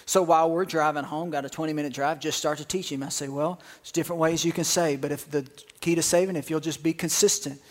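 Man, pastor, sermon, slightly high voice, animated joking storyteller. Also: quick pace.

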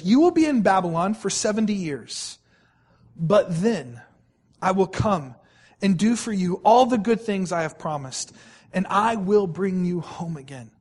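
A male pastor delivers a sermon in a notably high voice. He leans on repetition, stretching out important words for emphasis. He keeps turning to the congregation with direct questions. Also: husky. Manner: emphatic, repeats phrases, slows right down to stress key words.

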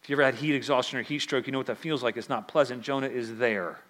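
Bright-voiced preacher in a ringing hall. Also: male voice, mid-range voice, steady tone, fast. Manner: conversational, emphatic preaching. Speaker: pastor. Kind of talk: sermon.

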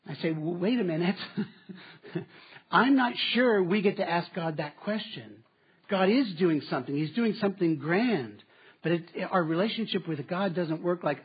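A man preaching a sermon, moving between strong statements and quiet asides. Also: sits high, animated, moderate pace, husky. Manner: dynamic preaching, dropping to quiet asides with laughs. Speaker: pastor. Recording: slightly dull, muffled sound.

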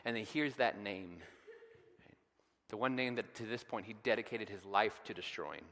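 A man preaching a sermon, retelling scripture dramatically and building to loud, emphatic peaks. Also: lowish voice, normal speed, in a large hall. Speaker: pastor.

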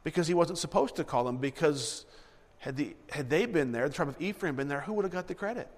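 Lively preacher guy reading scripture, kinda high voice, long hall echo. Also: quick pace. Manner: animated, repeats himself, acts out scenes. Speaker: preacher teaching a Bible passage. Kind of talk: sermon with verse reading.

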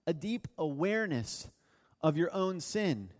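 Pastor, male, high voice, earnest emphatic sermon, recorded with long church-hall reverb. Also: sing-song. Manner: earnest, emphatic preaching with slow drawn-out stresses.

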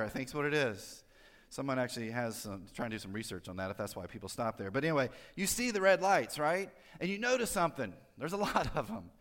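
A man's voice: a little high, fairly bright tone, in a large hall. A pastor giving a conversational sermon, drawing his listeners in with friendly tag questions.

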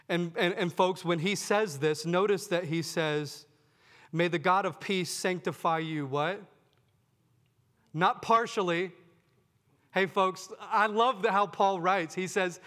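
A man's voice: high voice, pushed and bright, in a large hall. A man preaching a sermon to his congregation, earnest, often asking them questions and calling them "folks". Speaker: pastor.

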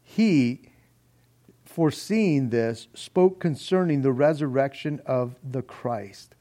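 A man's voice: medium pitch, slow pace, mellow. A middle-aged man preaching an expository sermon, reading scripture aloud with earnest emphasis. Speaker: pastor.

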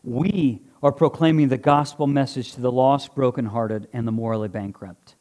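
A man's voice: medium pitch, steady tone, moderate pace, a little mellow. A man preaching a sermon to a congregation in an earnest, conversational way, joking now and then while doing a live object lesson. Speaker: pastor. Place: church before a congregation.

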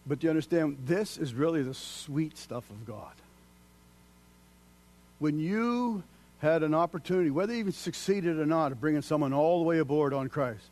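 A man preaching with big swings in energy, loud and climbing one moment, near-whispered the next. His voice sits a little higher than most men's. He moves through scripture, stories and prayer in one long sermon. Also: normal speed. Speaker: pastor.

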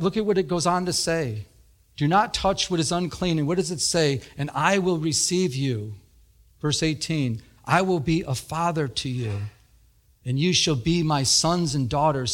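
A man preaching a sermon in a church, his voice sitting at an ordinary middle pitch. He speaks earnestly, doubles back on his own words, and climbs higher whenever he drives a point home. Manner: earnest preaching that rises in pitch for emphasis, with frequent repetitions. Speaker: pastor.

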